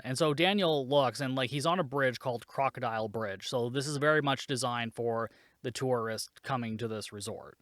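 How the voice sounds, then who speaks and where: Snarky guy rambling thru a movie recap, mid-pitch voice, dry close sound. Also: lively intonation, moderate pace, a bit bright, no room sound. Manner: sarcastic, swears freely, laughs at the plot. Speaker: podcast host reviewing a movie. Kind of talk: casual solo recap.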